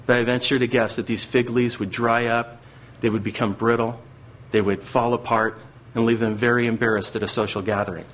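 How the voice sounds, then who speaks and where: Male pastor, middle-aged, earnest sermon delivery, moderate pitch. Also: little pitch movement, brisk, fairly bright tone. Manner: earnest, acts out voices of God and Satan.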